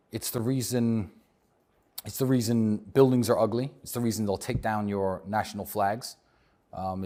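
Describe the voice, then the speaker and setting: A man with a British accent, talking as a guest in an interview in a measured, reflective and outspoken way. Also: lowish voice, darkish tone. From England. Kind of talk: casual interview talk.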